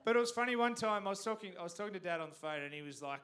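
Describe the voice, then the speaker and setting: A man's voice: high-pitched, expressive, very fast, pushed and bright. A man with an Australian accent from Canberra doing a stand-up comedy set on a theatre stage, self-deprecating and stumbling over restarts.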